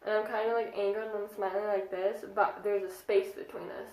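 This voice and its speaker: A young woman in her twenties telling a casual storytime vlog, chatty and excitable with lots of fillers. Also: medium pitch, moderate pace. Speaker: vlogger. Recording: echoey room.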